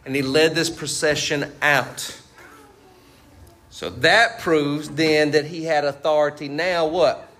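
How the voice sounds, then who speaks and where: Speaking slowly with a steady tone, this man has a fairly high, fairly bright voice. He's a pastor giving a sermon in a conversational style, asking the congregation to fill in the blanks and closing points with "right?" or "you see what I'm saying?".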